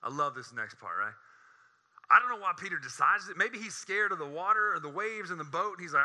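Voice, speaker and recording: A man delivers a lively sermon with a very bright, keen edge to his voice. He is animated and joking, and his voice jumps high when he gets excited. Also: brisk. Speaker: preacher.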